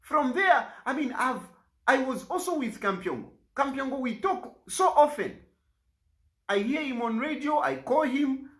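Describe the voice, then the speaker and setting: A man's voice: very high voice, animated, a little slow, a bit bright. A man with a Zambian accent making an aggrieved, pleading public statement, repeating himself for emphasis. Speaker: politician.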